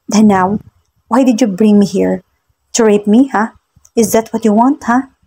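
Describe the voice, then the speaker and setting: A woman's voice: medium pitch, measured pace, mellow, slightly rough. Woman doing a hurt, tearful young Filipino wife. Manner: pleading, tearful, reproachful.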